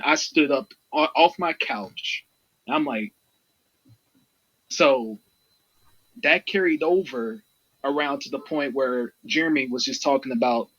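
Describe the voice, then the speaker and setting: Husky-voiced man telling wrestling stories. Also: medium pitch, muffled recording. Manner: excitable storyteller, swears freely, addresses listeners directly. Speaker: podcast co-host. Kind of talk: casual wrestling podcast chat.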